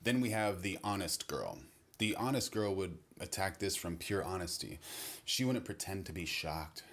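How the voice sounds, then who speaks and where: A man giving a measured, wry comedy breakdown monologue. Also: deep voice, animated, fairly bright tone. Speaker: comedy commentator.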